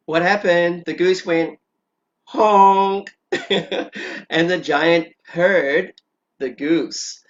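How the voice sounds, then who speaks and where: A woman's voice: fairly low pitch, very slow, lo-fi sound, a little hiss or hum. A woman kindergarten teacher who patiently prompts small children during story time and draws her words out.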